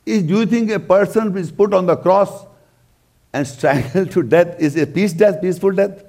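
A man's voice: high-pitched, moderate pace, vocal fry, a little mellow. Emphatic man explaining scripture. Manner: emphatic, repeats key points for stress. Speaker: religious lecturer. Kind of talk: scripture commentary.

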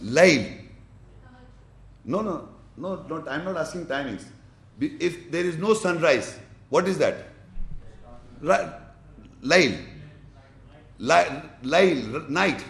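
A man's voice: a little high, expressive, takes it slowly, vocal fry, pauses often, reverberant. A man teaching a religious lesson, quizzing his class and demonstrating with his hands.

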